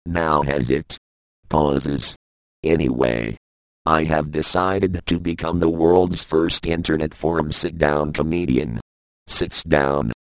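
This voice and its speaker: A man reading a stand-up comedy script aloud, stage directions included, in a deadpan voice with long pauses. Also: a bass voice, dry recording, low-quality recording.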